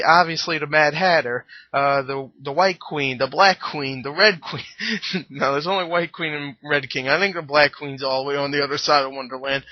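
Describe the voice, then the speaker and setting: A man's voice: on the high side, no echo, muffled recording. A man giving a casual, rambling film review, joking and laughing at his own jokes. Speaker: movie reviewer.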